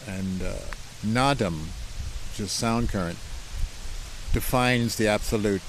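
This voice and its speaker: A man's voice: on the low side, slow, noisy background. A man who plays the piano speaks in an interview about his practice. He is reflective and uses spiritual wording, circling back on his phrases, seated at the piano in his home. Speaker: pianist guest.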